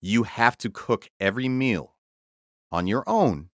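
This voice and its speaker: A man co-hosting a casual podcast, his voice bright and forward in a dry, close-sounding space. He talks with animated energy, tripping over restarts, then leans into slow, dramatic delivery when he tells a story. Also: medium pitch, dry recording. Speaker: podcast co-host.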